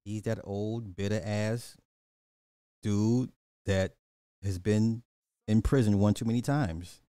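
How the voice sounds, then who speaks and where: Ranting middle-aged man with a dark voice. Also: fairly low pitch, steady tone, takes it slowly, dry recording, studio quality. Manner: ranting, blunt and profane, repeats himself for emphasis. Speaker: livestream host. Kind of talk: casual livestream commentary.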